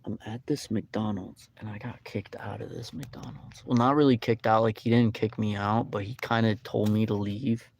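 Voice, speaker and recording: Rambling young man with a gravelly voice. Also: lowish voice, steady tone, normal speed, hardly any pauses, slight background noise. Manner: rambling, repetitive storytelling with many fillers. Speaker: streamer. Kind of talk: casual live-stream chat. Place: McDonald's restaurant.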